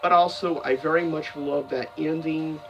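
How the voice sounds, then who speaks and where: A man's voice: on the high side, steady tone, normal speed, vocal fry, a bit bright, far from the mic, muffled recording. A man giving a casual, rambling commentary as a video host, full of fillers and self-corrections. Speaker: video host ranking seasons of a cartoon.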